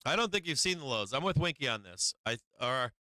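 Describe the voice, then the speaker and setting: Brash, bright-voiced live trading host. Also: male voice, mid-range voice, big pitch swings, a little fast, no echo. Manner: brash, profane, repeats "right?" and restarts often; talks directly to viewers, coaching and taunting them. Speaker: host of a live stock market stream. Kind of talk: casual live trading commentary.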